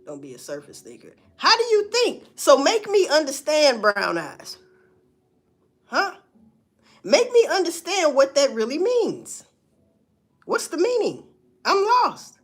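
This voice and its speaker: A woman's voice: high voice, wildly swooping pitch, a little slow, long pauses. A woman, musing in a casual, profane monologue full of rhetorical questions. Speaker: vlogger.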